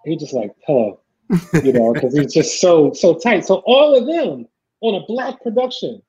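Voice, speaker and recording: A middle-aged man telling stories in a casual chat, acting out the people he quotes in lively voices. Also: sits high, moderate pace, breathy edge. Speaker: podcast guest, filmmaker. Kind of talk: casual storytelling. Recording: dull lo-fi sound.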